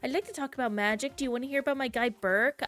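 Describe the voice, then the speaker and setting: A woman's voice: high voice, fast, fairly bright tone, voice pushed up. A woman voicing a bubbly young female magic user in a gushing, sugary manner, for a tabletop role-playing character.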